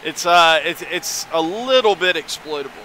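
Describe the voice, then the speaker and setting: With background noise in the mix, a man streaming a game talks at normal speed in an expressive, higher voice. He rambles casually to his viewers and reads the chat out loud.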